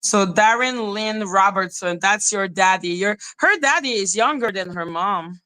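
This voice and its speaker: A woman hosting a live podcast, ranting in an animated, profane way and laughing often. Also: mid-range voice, unhurried, rough recording. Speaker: podcast host.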